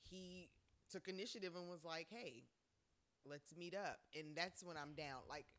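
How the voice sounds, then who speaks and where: Low bright-voiced woman, frank. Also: unhurried. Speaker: guest. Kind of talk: casual chat.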